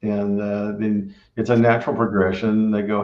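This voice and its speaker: A restaurant owner and pitmaster who runs a barbecue place offers rambling, casual advice full of filler, tagging his sentences with "right?" over and over. His voice is on the low side with little pitch movement, at a normal speed with few pauses. The sound is roomy, dull, and lo-fi.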